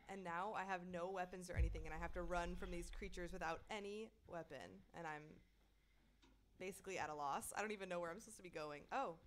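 A young woman streams a horror game, chatting with her viewers in casual gameplay commentary and breaking into screams and nervous laughter. Her voice is fairly low and fairly bright, with a little hiss or hum in the recording.

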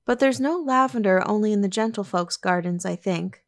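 A woman voicing a bright, playful young woman, an affectionate daughter, with a lively, coaxing manner in an audiobook reading. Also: mid-range voice, normal speed, close to an everyday voice.

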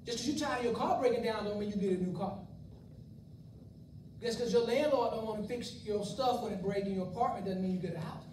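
A man's voice: sits high, fast talker, a little mellow, a little hiss or hum. A man preaching a sermon to his congregation in a folksy style, with joking asides to the crowd. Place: church sanctuary. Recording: echoey room, voice from far off mic.

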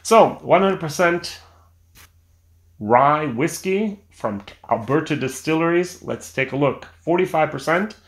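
A man's voice: on the high side, animated, a little slow. A man giving a casual, enthusiastic whisky review on camera at home, chatting with frequent restarts and fillers. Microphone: camera mic.

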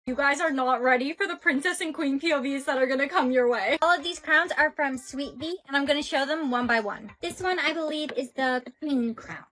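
A young woman with a high, light voice talks casually and playfully, switching between little acted scenes and relaxed product chat. Her delivery is chatty and unpolished, like a social video creator. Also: fairly quick, few pauses. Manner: casual, chatty, playing several characters. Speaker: TikTok skit creator.

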